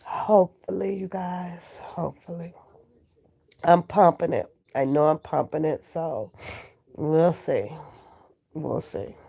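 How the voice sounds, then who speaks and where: This vlogger is a woman with a cold, talking slowly in a low, gravelly, dark-toned voice from her bed at home. In casual live-stream chat she banters with viewers, laughing and cursing.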